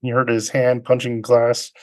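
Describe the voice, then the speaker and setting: A man casually recapping a film's plot as podcast host, rambling and halting with many fillers and quick imitations of characters. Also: mid-range voice, completely flat delivery, a little mellow.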